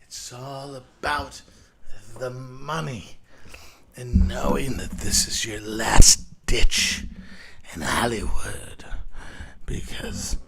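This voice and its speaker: A man's voice: mid-range voice, takes it slowly, gravelly, a bit bright. A man hosting a show, delivering a profane, mocking roast with crude jokes and stammered restarts. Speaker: show host.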